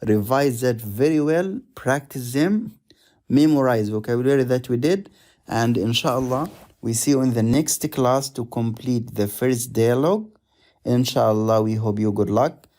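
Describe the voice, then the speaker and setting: Slow, patient teacher, low dark voice. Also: male voice. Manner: patient, repeats each word slowly and drills it. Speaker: Arabic teacher. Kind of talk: slow explanatory lesson.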